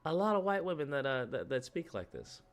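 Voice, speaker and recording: A man hosting a livestream, reacting to clips in casual, animated commentary and repeating his phrases. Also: a little high, a little fast.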